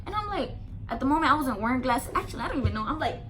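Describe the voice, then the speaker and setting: A woman with a high, bright voice tells a casual storytime for her vlog. She talks emphatically, swears freely and leans on "like" as she piles on the details. Her delivery is animated and sharp. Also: rapid-fire, faint music behind. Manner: animated, emphatic and profane, lots of "like" fillers. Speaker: vlogger telling a story.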